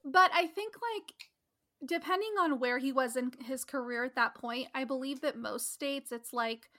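Podcast host, woman, high bright voice, casual outspoken chatter. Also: moderate pace. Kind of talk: casual chat.

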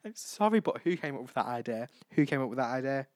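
A man's voice: mid-range voice, fast, no room sound, clean studio sound. Giggly guy chatting solo. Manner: chatty, giggly, keeps saying sorry. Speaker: podcast host. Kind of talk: casual solo chat. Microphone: home microphone.

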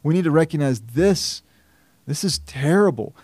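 A man preaching a sermon as pastor, earnest and measured, his voice rising when he presses a point. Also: on the high side, lively intonation, a little mellow, husky, dry recording, studio quality.

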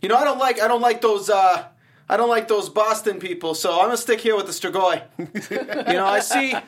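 A man's voice: high-pitched, brisk, fairly bright tone, voice pushed up. A man voicing a grumpy New Yorker man who dislikes Boston, mock-indignant and rambling.

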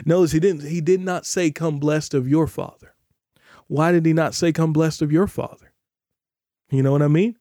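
A man delivering a podcast sermon in a warm, mellow voice, a little high for a man. He preaches emphatically and drags out key phrases when he stresses scripture. The recording is dry and close, with no room sound. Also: steady tone, normal speed, no echo. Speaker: pastor.

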